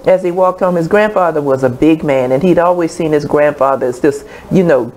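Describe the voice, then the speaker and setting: A woman's voice: sits low, brisk, darkish tone, poor audio. A woman telling a folksy story on a radio show, acting out the characters' voices. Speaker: storyteller guest. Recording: faint background noise.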